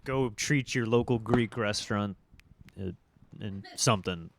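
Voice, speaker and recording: A man's voice: lowish voice, unhurried, no room sound. A man co-hosting a podcast, tossing in short, hyped remarks in casual chat. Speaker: podcast co-host.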